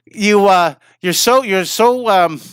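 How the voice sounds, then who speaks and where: On his live stream, a fifty-something drawing teacher chats and rambles to viewers, sounding worn out and a little wheezy. He speaks slowly in a high, slightly bright, clean voice, with a dry, studio-quality recording.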